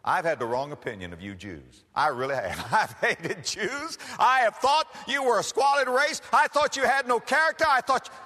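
A preacher voicing a gruff Roman soldier who barks orders, in a hall with long reverb. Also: male voice, sits high, lively intonation, moderate pace, hardly any pauses, pushed and bright, voice pushed up, full character voice. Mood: confessing. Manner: barking orders, later humbled and confessing. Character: gruff bossy Roman soldier, a grown man.

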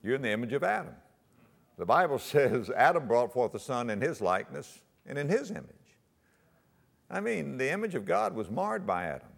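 A man preaching a sermon, quoting scripture in old-fashioned wording and swinging his voice high and low for emphasis. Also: big pitch swings, normal speed, vocal fry. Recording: long hall reverb.

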